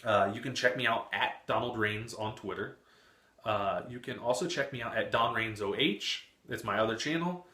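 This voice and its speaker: Young man, twenties, loose talkative vlogger, bright tone, roomy echo. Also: medium pitch, moderate pace. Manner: chatty, frequent cursing and laughter. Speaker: book vlogger. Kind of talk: casual chat. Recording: echoey room.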